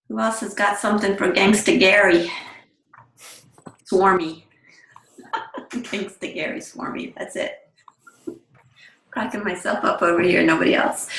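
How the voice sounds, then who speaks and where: A woman's voice: mid-range voice, vocal fry, a bit bright. A woman hosting a group call, upbeat and jokey as she wraps up and invites questions. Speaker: call host. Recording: roomy echoey call audio.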